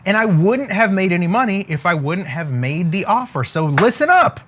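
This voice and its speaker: A man with a high, sing-song voice speaks at a moderate pace over background noise. He's a motivational coach teaching business, talking emphatically, repeating catchphrases, and often asking "okay?" as he draws on a board.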